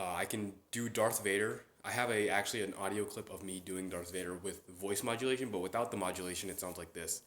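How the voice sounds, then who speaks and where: A man's voice: deep voice, steady tone, quick pace, hardly any pauses, a bit bright. A young man hosting a casual solo chat. He rambles, with many fillers and restarts. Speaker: podcast host. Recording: roomy echo.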